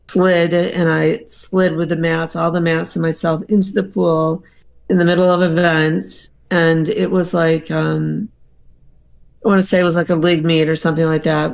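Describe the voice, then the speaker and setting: A podcast guest telling a personal story in a casual, halting way, full of ums and likes. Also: medium pitch, creaky. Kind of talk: casual storytelling, recounting a dream.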